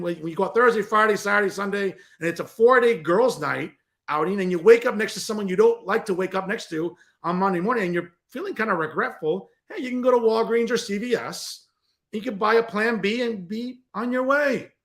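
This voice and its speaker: A man with a high-pitched, brisk voice hosts a political commentary show, delivering an opinionated monologue. He rants in a combative, sarcastic way and calls his listeners folks.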